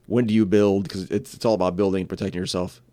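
A man in his forties telling stories in casual chat, often mimicking kids in squeaky voices. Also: fast, dry recording. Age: 40s. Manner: animated storyteller who mimics kids in high squeaky voices.

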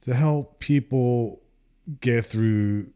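A man's voice: medium pitch, very slow, mellow, clean tone. A man asking an interview question.

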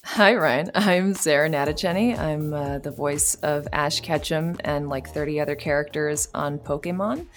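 A woman's voice: sits low, normal speed, faint music behind. A woman in her thirties from New York City, a voice actor answering interview questions in a chatty way, laughing easily. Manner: warm, chatty, laughs easily, many fillers. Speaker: voice actor guest.

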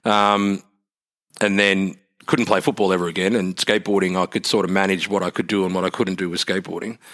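A man's voice: deep voice, little pitch movement, brisk, a bit bright. A man with an Australian accent in his thirties, chatting casually as a guest, laid-back and swearing freely. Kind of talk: casual interview chat.

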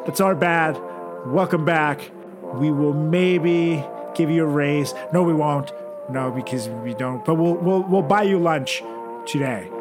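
A man co-hosting a comedy podcast, rambling in a deadpan, sarcastic way with lots of restarts. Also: on the high side, a little slow, music in the background. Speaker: podcast co-host.

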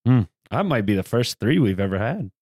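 A man from the American South, co-hosting a casual podcast in a blunt, teasing, profane way. His voice sits in a middle pitch and is recorded close and dry. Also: very animated, a little fast, darkish tone, no room sound. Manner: blunt, joking, profane banter. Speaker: podcast co-host. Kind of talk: casual chat.

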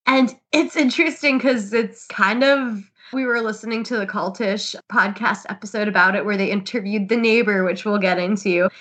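A woman's voice: medium pitch, moderate pace, hardly any pauses, a bit bright. A woman co-hosting a podcast, telling stories in casual chat. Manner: chatty storyteller, laughs while recounting. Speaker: podcast co-host.

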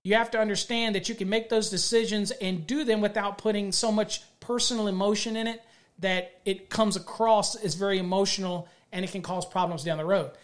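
A man's voice: high voice, steady tone, a little fast. A middle-aged man, an electrical contractor hosting a show, gives a plainspoken leadership talk built on stories from his own job sites. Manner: plainspoken, tells workplace stories from experience.

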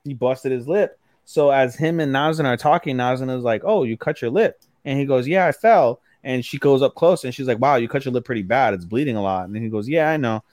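A man's voice: mid-range voice, fast, hardly any pauses, a little mellow, dry recording. A young man in casual podcast chat, walking through anime plots scene by scene and slipping into the characters' lines as he goes. His voice sits in a plain middle range. It is recorded close and dry, with no room sound. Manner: retells scenes with quoted character lines, repeats himself for emphasis. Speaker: podcast co-host.

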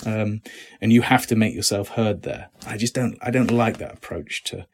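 A middle-aged British man, an actor, talking casually in an interview, relaxed and self-deprecating with many restarts. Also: lowish voice, normal speed. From Britain.

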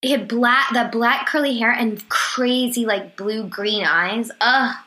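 A woman's voice: on the high side, slow, sharp tone. A woman guest comedian in casual podcast chat, giggling often and talking chattily with lots of "like". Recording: roomy echo with faint noise.

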